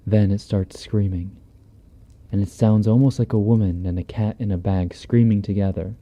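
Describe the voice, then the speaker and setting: A man's voice: fairly low pitch, steady tone, moderate pace, dark tone. A man reading a horror story aloud on a stream in a laid-back, profane, conversational way, close on a binaural mic. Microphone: binaural dummy-head mic.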